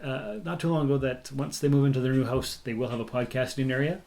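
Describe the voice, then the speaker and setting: A man's voice: mid-range voice, quick pace, creaky, a little mellow. An easygoing man hosting a podcast in casual chat, often stumbling over his first words. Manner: easygoing, repeats words when starting. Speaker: podcast host.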